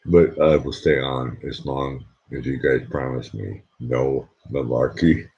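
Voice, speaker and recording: Male stream host, very deep and husky, slow, joking casual chat. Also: fairly even intonation, highs cut off. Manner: joking, talks quietly at times.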